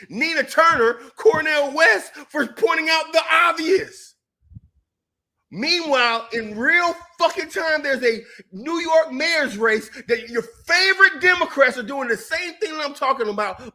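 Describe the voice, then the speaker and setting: A man with a very high, piercing bright voice tears into a heated political rant. He swears freely and his anger keeps rising into shouts. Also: expressive, moderate pace, few pauses. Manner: angry, profane, shouting at times. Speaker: co-host.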